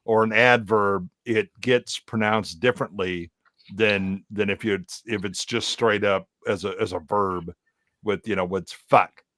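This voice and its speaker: A man's voice: fairly low pitch, fairly even intonation, a little slow, fairly bright tone, dry recording. Profane rambling man on a dry mic. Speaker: stream co-host. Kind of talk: casual late-night riffing chat.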